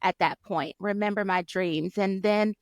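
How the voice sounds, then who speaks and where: A woman co-hosting a casual chat podcast, encouraging and quick to laugh. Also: medium pitch, fairly even intonation, no echo. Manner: warm, encouraging listener, laughs easily. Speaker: podcast co-host.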